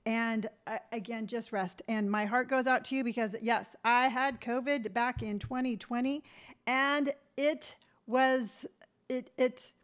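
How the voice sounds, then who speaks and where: A woman's voice: on the high side, fairly even intonation, unhurried, smooth. A woman in her fifties hosting a casual morning live stream, chatty and rambling, greeting viewers by name. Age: 50s.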